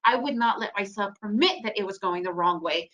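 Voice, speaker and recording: A woman speaking at a trading webinar, telling a personal story in a lively way with rhetorical questions to the audience. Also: medium pitch, brisk, low-quality recording.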